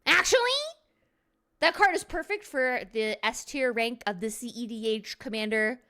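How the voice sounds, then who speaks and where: A smug, pedantic card player corrects everyone in a squeaky, high voice, as a woman mocks him. The tone is sharp and bright, and the delivery is nitpicking and self-satisfied. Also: moderate pace.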